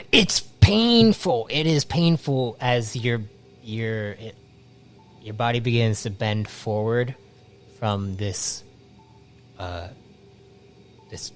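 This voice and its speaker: A man narrating as game master, halting with many restarts and fillers, laughing often. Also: on the low side, steady tone, soft background music.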